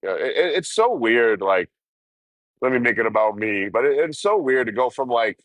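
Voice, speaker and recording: A man's voice: mid-range voice, lively intonation, moderate pace, a bit bright, dry recording. A man chatting casually on a livestream, telling a rambling, profane story and laughing often. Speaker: vlogger.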